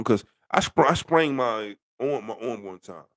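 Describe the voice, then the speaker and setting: A man's voice: mid-range voice, lively intonation, measured pace, fairly bright tone, no room sound. A middle-aged man ranting bluntly about football in a rambling, casual way, full of rhetorical questions. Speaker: sports commentator. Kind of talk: casual sports rant.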